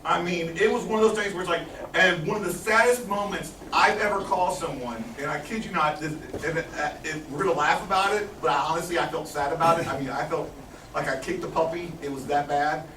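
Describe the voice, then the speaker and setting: A man giving a talk to a live audience, telling a story in an animated way and laughing often. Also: a little high, fairly quick. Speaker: guest speaker. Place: meeting room with audience. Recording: echoey room, far from mic, noisy.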